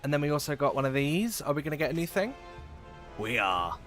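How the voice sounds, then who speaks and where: A man's voice: on the high side, very animated, fairly quick, fairly bright tone, faint music behind. A man chatting casually while live-streaming a game, giggling often and trailing off into fillers.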